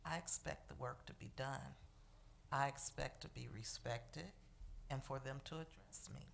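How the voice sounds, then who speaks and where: Resident at the podium: low, gravelly woman, firm and insistent. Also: unhurried, slight background noise. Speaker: resident speaking at public comment. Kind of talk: public comment at a council meeting.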